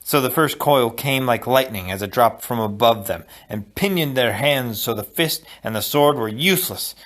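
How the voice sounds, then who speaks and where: Male audiobook narrator, expressive storytelling, middle pitch. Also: moderate pace. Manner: expressive storytelling, dropping low for asides. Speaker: audiobook reader.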